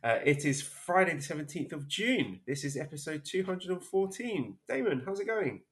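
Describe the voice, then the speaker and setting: A man's voice: a little high, lively intonation, normal speed. A man in his thirties hosting a podcast, chatting casually in a rambling, self-mocking way. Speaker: podcast host.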